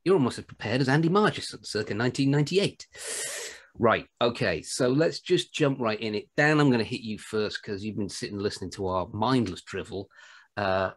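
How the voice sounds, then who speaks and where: A British man hosting a podcast, telling anecdotes in an animated, jokey way. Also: fairly low pitch, a little fast. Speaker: podcast host. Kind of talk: casual storytelling chat.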